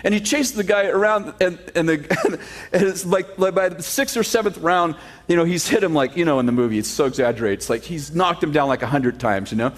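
A man preaching a sermon, telling a story with sarcastic humor, then reading scripture slowly. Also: fairly high pitch, expressive. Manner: reads scripture slowly and steadily. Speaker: pastor.

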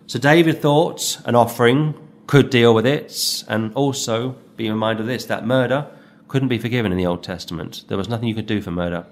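A man delivers a verse-by-verse sermon. His voice sits at an ordinary middle pitch. He talks earnestly and animatedly, slipping into the voices of the people he quotes. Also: fairly quick. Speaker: preacher. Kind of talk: expository sermon.

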